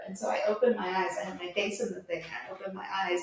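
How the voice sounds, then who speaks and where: A woman's voice: medium pitch, quick pace. A woman co-hosting a podcast, telling personal stories in casual chat and laughing often. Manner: animated storytelling, laughing often. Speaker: podcast co-host. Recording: echoey room, distant mic.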